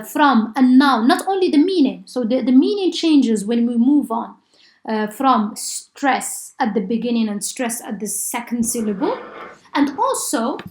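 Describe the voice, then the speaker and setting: Female lecturer from Morocco, fairly high pitch, explanatory delivery with frequent pauses and "okay?" check-ins. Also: darkish tone. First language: Arabic. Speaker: linguistics lecturer. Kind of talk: university lecture.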